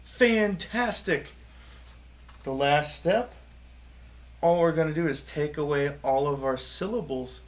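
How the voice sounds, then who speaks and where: A man's voice: fairly high pitch, slow, long pauses, slight background noise. A man teaching a children's rhythm lesson, cheerfully chanting rhythm syllables for students to echo back. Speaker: music teacher. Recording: music playing behind the voice.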